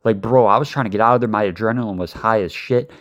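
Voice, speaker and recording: A man's voice: lowish voice, fast, dull audio. A man telling a casual storytime tale, rambling with many fillers and swearing.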